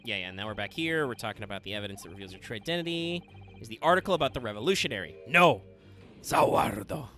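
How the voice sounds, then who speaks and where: A man hosts a let's play, chatting casually and thinking out loud as he plays, with faint music in the background. His fairly low, fairly bright voice is expressive and rapid-fire.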